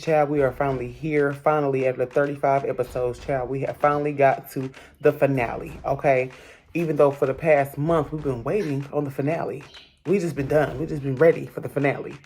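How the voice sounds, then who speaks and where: A woman's voice: a bass voice, mellow, slight background noise. A woman hosting a casual, gossipy recap of a reality show, talking straight to her viewers in a sassy voice. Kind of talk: casual chat.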